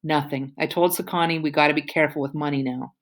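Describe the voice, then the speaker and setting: A needling, sarcastic teenage brother picks at his sister, read by a woman. His voice is low and dry. He is part of an audiobook family. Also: steady tone, fast talker, natural voice.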